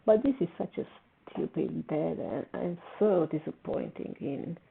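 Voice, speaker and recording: A woman's voice: low voice, a little slow, creaky. A woman hosting a casual TV reaction video, talking emotionally and repeating herself when upset. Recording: tinny phone-like sound with faint noise.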